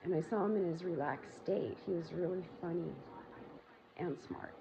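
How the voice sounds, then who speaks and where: A woman's voice: moderate pace, creaky. A woman hosting her own show, telling a long personal story in a blunt, rambling way, with frequent profanity and fillers. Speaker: show host. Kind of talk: candid personal monologue. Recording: muffled low-volume recording with loud background noise.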